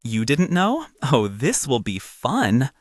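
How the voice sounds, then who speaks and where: A man's voice: mid-range voice, huge pitch swings, takes it slowly, no echo, studio quality, heavily acted. A man voicing a young woman art model who talks in a teasing, matter-of-fact way.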